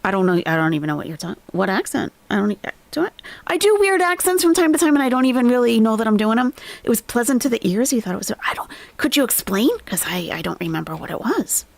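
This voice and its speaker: A woman's voice: fairly high pitch, big pitch swings, fast, creaky, no echo. A woman live-streaming commentary, chatting and reading out viewer comments. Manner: chatty, muses aloud, reads viewer comments.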